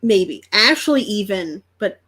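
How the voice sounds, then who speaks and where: A woman's voice: medium pitch, very animated, slow pace, a bit bright, breathy edge. A woman co-hosting a casual chat, telling stories in an amused, chatty way. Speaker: co-host.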